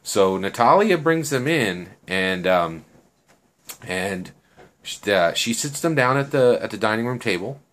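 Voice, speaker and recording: A man's voice: fairly low pitch, animated, unhurried, a bit bright. A man telling a story casually, chatty and full of fillers and tag questions.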